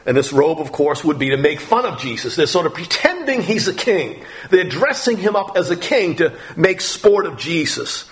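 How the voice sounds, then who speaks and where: A man with a somewhat high voice delivers a sermon, reading scripture passages aloud and then unpacking them verse by verse. He talks in an unpolished, conversational way, with frequent fillers and restarts between the readings. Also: big pitch swings, moderate pace, few pauses. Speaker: preacher.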